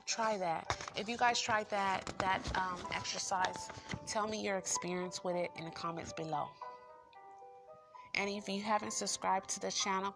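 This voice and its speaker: A woman hosting a book review channel, talking loosely and encouragingly and repeating affirmations. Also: medium pitch. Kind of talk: casual spoken book review. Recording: music playing behind voice.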